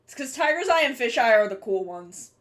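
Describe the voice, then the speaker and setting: A woman's voice: on the high side, very animated, a little fast. A young woman streaming live, chatting casually with her viewers while she draws, rambling and swearing offhandedly.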